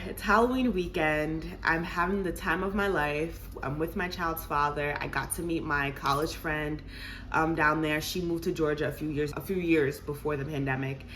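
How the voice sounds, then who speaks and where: A young woman in her twenties tells a casual vlog story to her viewers, animated and laughing and calling them y'all. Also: low voice, moderate pace, a little hiss or hum. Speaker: vlogger.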